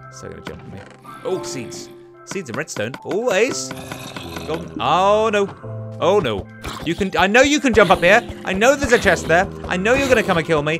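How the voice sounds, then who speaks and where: A man hosting a let's play, giving casual gaming commentary and excitedly talking to himself and the creatures in the game. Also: fairly high pitch. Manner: excitable, talks to himself and the mobs. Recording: game music underneath.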